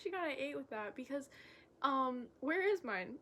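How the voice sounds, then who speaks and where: A young woman making a casual vlog, talking in a halting, candid way with lots of fillers and self-corrections. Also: sits high, animated, fairly bright tone. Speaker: vlogger. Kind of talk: rambling stream-of-consciousness vlog.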